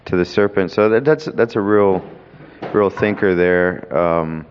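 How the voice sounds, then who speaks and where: Deep-voiced man musing hesitantly. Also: measured pace, slight background noise. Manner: thoughtful, hesitant, many ums. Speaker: Bible study participant. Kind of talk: reflective Bible study discussion. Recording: echoey hall, dull lo-fi sound.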